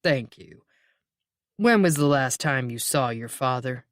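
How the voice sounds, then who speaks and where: A puffy middle-aged detective, voiced by the audiobook narrator, calm and courteous. He asks questions slowly and politely. Dry, close recording. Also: medium pitch, no room sound, lightly acted. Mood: probing.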